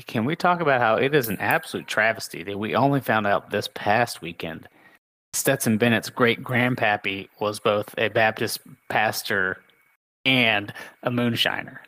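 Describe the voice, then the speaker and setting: A man's voice: on the low side, moderate pace, sharp tone, rough recording. A man co-hosting a casual sports talk show, with dry, sarcastic humor. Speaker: podcast co-host.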